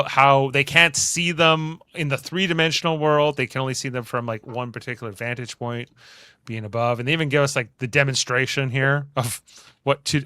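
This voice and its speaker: A man's voice: medium pitch, bright, forceful tone, smooth, no room sound. A man hosting a podcast, recapping an episode scene by scene in a rambling, casual way. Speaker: podcast host.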